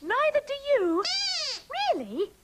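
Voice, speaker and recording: A squeaky, sing-song panda girl puppet. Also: wildly swooping pitch, takes it slowly, full character voice. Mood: chirpy scheming. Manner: sing-song, giggly, scheming. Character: chatty bossy young female panda puppet. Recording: hissy old VHS tape.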